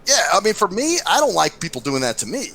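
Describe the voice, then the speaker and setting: An American man hosting a casual podcast chat, telling stories with a profane, lively manner. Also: high-pitched, fast talker, vocal fry. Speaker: podcast host.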